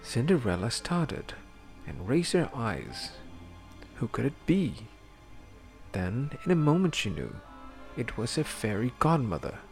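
A man reading a fairy tale aloud in a measured, expressive storybook manner. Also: mid-range voice, vocal fry. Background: music.

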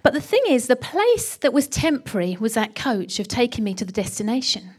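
A middle-aged woman preaching a sermon and telling a story with animated delivery, often dropping to a hushed whisper for emphasis. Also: on the high side, a little fast, breathy edge.

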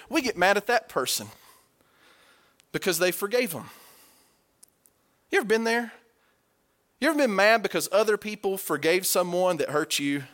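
A man preaching a sermon, animated and emphatic, rising to forceful peaks as he drives his points home. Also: sits high.

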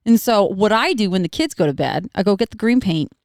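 A woman's voice: mid-range voice, expressive, fairly quick, vocal fry, a little mellow. A woman co-hosting a podcast, chatting casually about her kids, rambling and laughing often. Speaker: podcast co-host. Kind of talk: casual chat.

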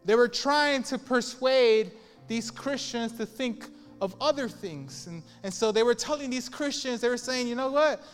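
A man's voice: very high-pitched, measured pace, big-room sound, faint music behind. A man pastor preaching a sermon in an emphatic, repetitive style.

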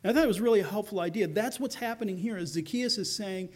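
A middle-aged man preaching a sermon, his voice sitting high for a man. He talks in an easy, conversational way and slips into the voices of the people in his stories. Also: fast talker, hardly any pauses. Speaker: pastor.

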